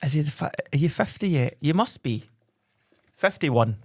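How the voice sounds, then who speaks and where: A man's voice: a little high, expressive, normal speed, dry recording. Teasing Scottish man on radio. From Scotland. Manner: teasing, laughs a lot. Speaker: radio show co-host. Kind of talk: casual chat.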